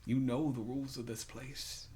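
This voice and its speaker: A man's voice: medium pitch, flat delivery, moderate pace, dark tone, a little hiss or hum, lightly acted. A man voicing a withered, starving male dwarf prisoner in a faint, whispery voice. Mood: weak, urgent. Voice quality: weak, whispery voice. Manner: faint and breathless, coughing.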